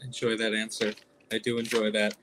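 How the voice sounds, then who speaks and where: A man's voice: lowish voice, monotone, a little fast, fairly bright tone, a little hiss or hum. A man hosting a casual interview in an easygoing way, laughing along with his guest. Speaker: host.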